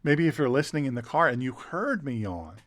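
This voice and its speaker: An older man preaching in an earnest, conversational way, often repeating a word or phrase for emphasis. His voice sits in a middle pitch range and is recorded close, with a dry, roomless sound. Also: sing-song, a little fast, a bit bright, dry recording. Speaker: pastor and show host. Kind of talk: conversational sermon.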